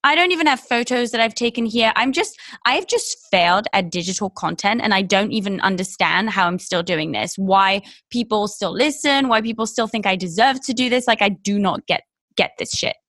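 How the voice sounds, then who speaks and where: A woman's voice: mid-range voice, animated, normal speed, few pauses, a bit bright. A young woman co-hosting a podcast over a video call, sarcastic and swearing a lot in casual chat. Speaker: podcast co-host.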